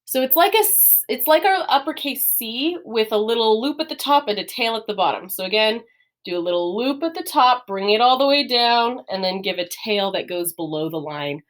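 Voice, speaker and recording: A woman teacher gives a classroom lesson on writing letters, explaining patiently step by step with lots of fillers and light laughs. Her voice is a little high and expressive, at a moderate pace.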